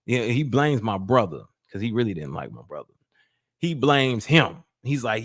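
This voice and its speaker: A man, casually telling a personal story on a podcast in a lively, colloquial way. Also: mid-range voice, moderate pace, dry recording, clean studio sound. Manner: animated, colloquial, acts out voices in quotes. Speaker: podcast host.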